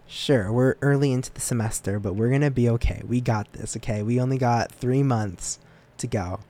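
A young man hosting a student podcast, talking casually on his own, rambling and joking at his own expense, with sudden upward leaps in pitch. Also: moderate pace. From United States. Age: young adult. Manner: rambling and self-deprecating, with lively jumps in pitch. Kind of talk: casual solo podcast monologue.

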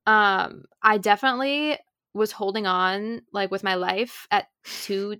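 A woman's voice: medium pitch, unhurried, sharp tone, smooth, no echo, clean studio sound. A woman in her twenties co-hosting a podcast, chatting casually with lots of "like" and "um". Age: 20s. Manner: chatty, filler-heavy with frequent "like" and "um". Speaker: podcast co-host. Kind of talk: casual chat.

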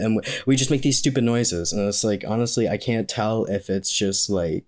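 A man's voice: lowish voice, fast, hardly any pauses. A young man talking in a casual question-and-answer vlog, rambling and joking with frequent laughs. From Maine, US. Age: young adult. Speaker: vlogger.

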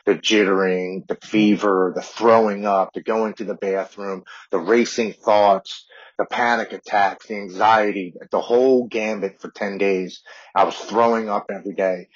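A man's voice: deep voice, breathy edge. A man in his forties, a podcast guest, earnestly telling a personal recovery story and often repeating words. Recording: dull lo-fi audio.

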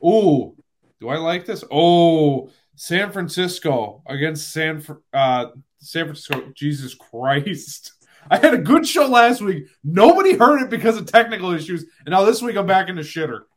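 A man hosting a casual sports podcast, animated and quick to laugh at himself. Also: a little high. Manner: animated, laughing, self-deprecating. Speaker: podcast host.

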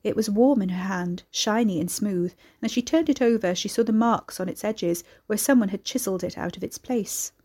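A woman's voice: mid-range voice, fairly quick, few pauses, warm tone, slightly rough. Woman narrating a story steadily. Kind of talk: scripted narration.

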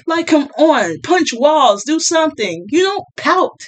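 Young woman vlogger, slightly high voice, blunt and mocking, casual rant. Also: big pitch swings, measured pace.

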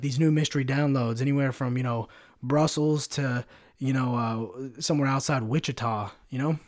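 A man hosting a casual solo podcast, telling a story in an animated way, with lots of swearing and fillers. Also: fairly high pitch. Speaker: podcast host.

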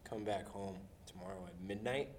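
A man's voice: fairly low pitch, brisk. A young man co-hosting a podcast in casual chat, tossing out offbeat wisecracks. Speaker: podcast co-host. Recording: faint background noise.

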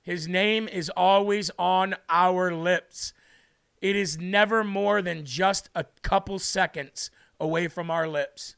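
A man's voice: sits high, fairly even intonation, slow, gravelly, a bit bright, clear, resonant tone. A man hosting a livestream who preaches fervently and emphatically, repeating words for stress, and is moved to tears. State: tearful, moved. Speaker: livestream host.

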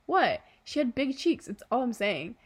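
A woman plays a middle-aged father in a storybook reading, playful and quick to tease. He turns excitable and animated as he jokes. The read stays clear and close. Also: fairly high pitch, voice pushed up. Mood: excited.

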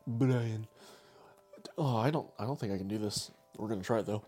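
Casual male host, mellow tone, laughs and teases a lot, faint music under. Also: fairly low pitch, rapid-fire, breathy edge. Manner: laughs often, teasing. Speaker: podcast host. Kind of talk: casual chat, game hosting.

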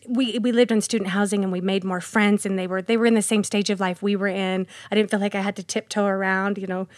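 Woman guest, mid-pitch, chatty storyteller who laughs easily, dry close-miked sound. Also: dry recording. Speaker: podcast guest. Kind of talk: casual storytelling interview.

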